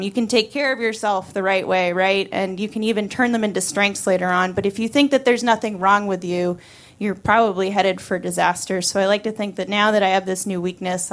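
A woman of about thirty tells a personal story on stage in a casual, wry way, full of fillers and quick restarts. Her voice sits at an ordinary middle pitch for a woman, neither high nor low. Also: steady tone, creaky.

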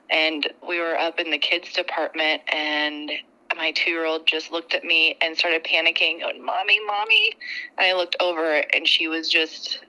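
Bright-voiced woman telling a story by phone. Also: low-pitched, poor audio. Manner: animated and laughing as she tells it. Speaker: customer guest.

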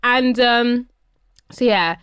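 A woman's voice: a little high, very slow, clear, resonant tone, no echo. A young woman co-hosting a podcast, telling a story in a chatty, slangy way. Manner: chatty, lively retelling with slang. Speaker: podcast co-host. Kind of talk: casual chat, storytelling.

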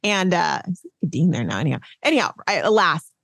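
A woman from Arizona hosting a podcast as a social media coach, talking in an upbeat, chatty, energetic way. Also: on the low side, brisk, gravelly, no echo, clean studio sound. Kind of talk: casual podcast chat.

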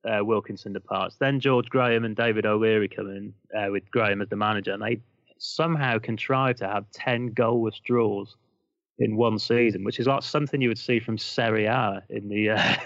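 Man, gravelly voice, wry football chat, dry dull recording. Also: fairly low pitch, fairly even intonation, moderate pace, no echo. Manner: dry, wry humor with small laughs.

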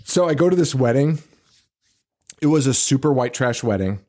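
Animated laughing man co-hosting a podcast. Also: mid-range voice, normal speed. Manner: animated storyteller, frequent laughs and restarts. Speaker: podcast co-host. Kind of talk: casual chat.

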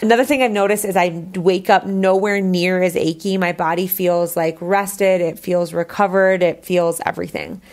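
A woman's voice: fairly low pitch, steady tone, normal speed, hardly any pauses, darkish tone. A woman hosting her own podcast, talking casually and candidly, with lots of "like" fillers. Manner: chatty, candid, says "like" a lot. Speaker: podcast host.

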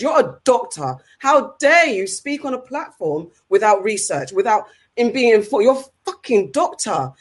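A woman's voice: fairly high pitch, husky. Heated London woman ranting on a podcast. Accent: London English. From England. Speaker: podcast co-host. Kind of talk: casual podcast chat.

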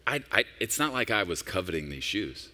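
A man in his forties delivers a sermon as a senior pastor, his voice sitting very low. He preaches conversationally, telling personal stories and rising into emphatic peaks. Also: big pitch swings, a little fast, sharp tone. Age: 40s.

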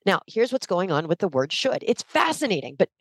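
A woman's voice: mid-range voice, sing-song, brisk, slightly rough, no room sound. A woman leadership coach explaining her ideas with energy and emphasis in a podcast interview over a video call.

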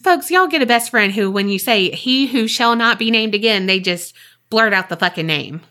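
A woman co-hosting a podcast, reading a listener's ghost story aloud and then chatting in a lively, swearing, laughing way. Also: fairly high pitch, normal speed. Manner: animated, swears freely, laughs often. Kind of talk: casual chat and reading aloud.

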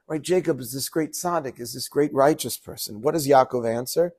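Man, rabbi, Torah teaching, animated, Hebrew quotes with translation, rhetorical questions, mid-pitched voice. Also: brisk, hardly any pauses, slightly rough. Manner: asks rhetorical questions to the audience.

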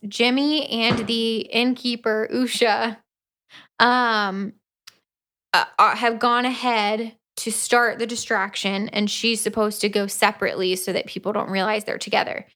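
A woman's voice: fairly high pitch, fairly bright tone. A woman co-hosting a podcast, retelling a novel's plot in casual chat and slipping into playful voices for the characters. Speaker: podcast co-host. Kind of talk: casual book-review chat.

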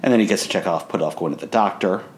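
Male podcast co-host, deep voice, dry humor, light background hiss. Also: rapid-fire. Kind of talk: casual recap chat.

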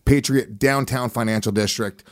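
A man's voice: mid-range voice, steady tone, normal speed, no room sound, clean studio sound. A man hosting a podcast, telling crude rambling stories in casual chat, swearing often. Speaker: podcast host.

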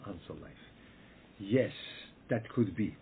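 Low-voiced rabbi on a tinny call. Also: male voice, vocal fry. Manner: emphatic, repetitive, halting with frequent restarts. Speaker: rabbi leading a study group. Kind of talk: Torah talk over a webinar. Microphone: video call. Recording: tinny phone-like call audio with faint noise.

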